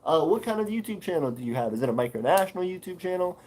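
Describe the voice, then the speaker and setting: A man's voice: high voice, big pitch swings, fast talker, a little mellow, slight background noise, low-quality recording. A man hosting a casual livestream, reading chat comments and answering with lots of fillers and restarts. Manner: rambling, many fillers, reads chat aloud. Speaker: livestream host.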